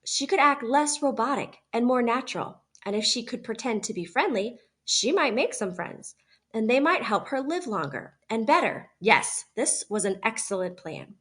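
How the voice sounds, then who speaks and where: A woman teacher narrates a children's novel aloud for her class. Her read-aloud style is expressive, with a slightly high voice. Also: normal speed, breathy edge.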